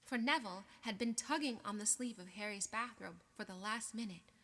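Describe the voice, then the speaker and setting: A woman reading an audiobook aloud in a measured, expressive way. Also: mid-range voice. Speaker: audiobook reader. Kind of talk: audiobook narration. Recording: long reverb.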